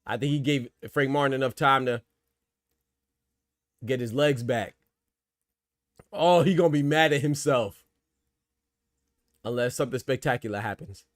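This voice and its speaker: A man hosting live boxing commentary, excitable and slangy, shouting out big moments and talking casually to his viewers. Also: medium pitch, a little slow, long pauses, no echo, studio quality. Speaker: boxing commentator and channel host.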